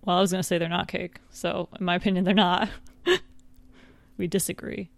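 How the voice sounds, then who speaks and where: A woman's voice: on the low side, level tone, a little fast, vocal fry, no echo. A woman co-hosting a podcast in casual chat, teasing and laughing often. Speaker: podcast co-host.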